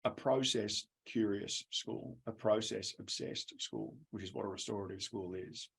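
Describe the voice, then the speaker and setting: A man's voice: lowish voice, a little slow, gravelly, husky. An Australian man presenting a webinar, telling a chatty classroom story with laughs, speaking over a video call. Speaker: education presenter.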